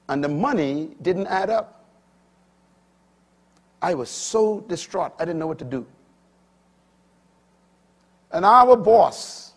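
A middle-aged male preacher with a husky, somewhat high voice delivers a sermon. He swings between loud, emphatic proclamations and quiet asides. His voice stays husky throughout.

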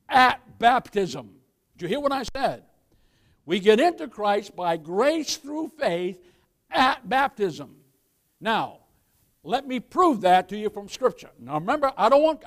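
A man pastor preaching a sermon in church with folksy humor, often putting questions to the congregation. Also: high voice.

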